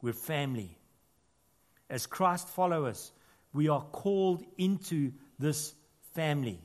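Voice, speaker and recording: Earnest preacher with a slightly higher voice. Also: male voice, lively intonation, measured pace. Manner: earnest, builds to emphatic peaks, drops to quiet intimate asides. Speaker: pastor. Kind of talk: sermon. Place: church.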